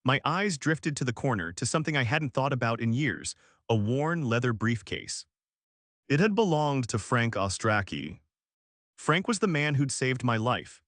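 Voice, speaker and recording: A man's voice: mid-range voice, expressive, moderate pace, a bit bright, no echo, studio quality. Man narrating a story. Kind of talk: first-person story narration.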